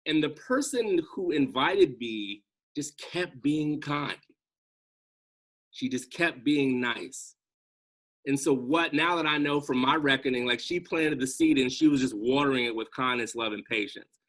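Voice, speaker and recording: A man's voice: mid-range voice, unhurried, fairly bright tone. A man speaking earnestly as a guest on a video call, reflective and conversational, often checking in with "right?".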